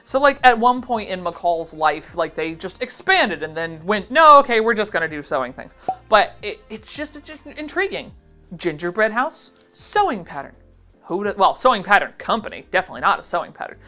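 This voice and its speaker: Lively, chatty woman vlogger over soft music. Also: mid-range voice, normal speed. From Ohio, USA. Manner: chatty, giggly, self-deprecating, expressive. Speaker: vintage pattern seller and vlogger. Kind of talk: casual reaction vlog.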